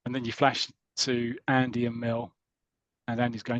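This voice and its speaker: A British man on a podcast, chatting and retelling a comic story in a rambling, lively way. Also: medium pitch, moderate pace, dry recording. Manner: chatty, rambling, lively when reading out characters' lines. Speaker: podcast host. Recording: dull lo-fi audio.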